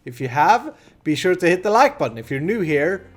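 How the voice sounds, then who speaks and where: A man's voice: sits high, very animated, fairly quick, soft background music. A man in his thirties with a Swedish accent, hosting a casual gameplay commentary and chatting in a rambling way with many restarts. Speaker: host.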